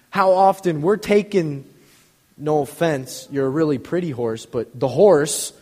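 A man preaching a casual, rambling sermon in a church, building up to shouting. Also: on the high side, in a large hall. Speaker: pastor. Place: church sanctuary.

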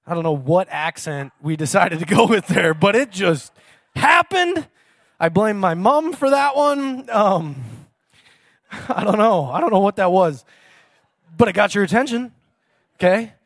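Lively, chatty male preacher. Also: high-pitched, a little slow, no room sound, studio quality. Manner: chatty, self-mocking, laughs often. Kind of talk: casual sermon.

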